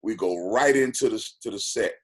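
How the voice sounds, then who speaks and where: A man from Texas, a guest on a podcast, telling stories casually in an animated way, repeating phrases for emphasis. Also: on the low side, normal speed. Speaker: podcast guest, actor and former football player. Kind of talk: casual storytelling.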